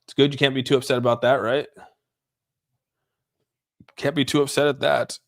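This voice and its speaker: A young man hosts a casual crypto livestream, rambling, laughing often, reading viewer comments aloud, and thinking out loud as he watches price charts. His creaky, medium-pitched voice stays level at normal speed.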